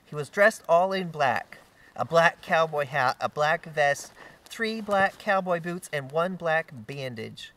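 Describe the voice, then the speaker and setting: Slow, distant adult telling a joke. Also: medium pitch, expressive, fairly bright tone. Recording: distant from the mic.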